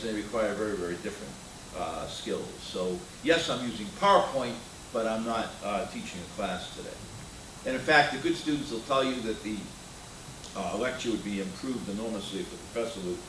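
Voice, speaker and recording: Older male keynote speaker, bright tone, blunt and anecdotal, picked up from afar in an echoey hall. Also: medium pitch, a little hiss or hum. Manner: opinionated, anecdotal, with frequent uh fillers. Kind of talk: conference keynote talk. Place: conference hall. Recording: roomy hall sound from a distant mic.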